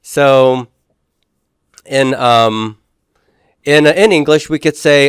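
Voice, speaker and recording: A man's voice: medium pitch, a little slow, clean tone, dry recording, clean studio sound. A man lecturing a class on Greek pronunciation and syllable division, explaining step by step and often checking in with his listeners. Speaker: Greek teacher.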